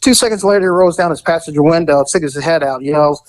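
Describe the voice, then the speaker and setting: A middle-aged man recounts his police days in a loose, casual way, his voice sitting a bit high. He slips into squeaky impressions whenever he quotes someone. The sound is close and dry, with little room. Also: fast talker, dry recording, rough recording. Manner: animated, jumps into high-pitched voices when quoting people. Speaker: retired police detective telling stories. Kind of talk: casual storytelling.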